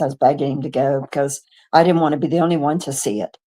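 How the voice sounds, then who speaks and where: An older woman in her seventies from the United States, a guest on a radio show, telling her own story with lively acted-out dialogue, stumbling and restarting as she goes. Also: sits low, fast, few pauses. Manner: animated storyteller who acts out quoted dialogue, with stumbles and restarts. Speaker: guest witness. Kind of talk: first-person storytelling. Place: radio studio.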